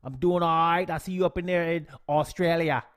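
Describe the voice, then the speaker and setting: Upbeat male streamer, slightly high pitch, slangy and animated, casual tutorial host. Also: fairly quick. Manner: animated, slangy shout-outs to chat. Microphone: desk mic, no camera.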